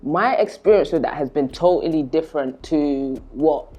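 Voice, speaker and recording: A young woman, a podcast guest telling her stories in casual, animated chat. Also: low voice, moderate pace. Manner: animated storyteller, acts out voices in quotes. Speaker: guest, spoken word artist.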